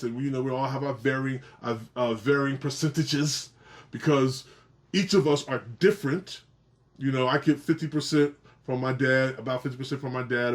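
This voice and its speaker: A middle-aged man hosting his own genealogy video, explaining casually to camera in an animated way, often repeating and restarting phrases and swinging his pitch up for emphasis.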